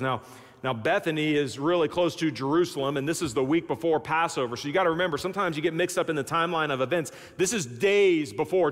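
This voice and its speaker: A man's voice: high voice, fairly bright tone. A man preaching a sermon as pastor, telling the story dramatically and acting out the voices of its people. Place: large church sanctuary. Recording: long reverb of a large hall.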